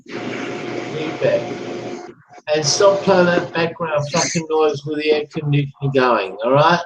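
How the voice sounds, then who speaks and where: A man's voice: fairly high pitch, dull audio, noisy background. A man ranting in an online voice chat room, taunting a rival with repetitive profane gloating over a computer microphone. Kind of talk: angry taunting rant.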